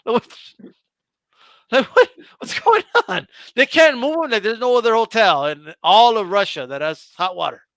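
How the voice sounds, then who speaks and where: A man hosting a casual boxing talk show, joking and animated, full of slang. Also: high-pitched, moderate pace, no echo. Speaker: boxing channel host. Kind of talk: casual chat.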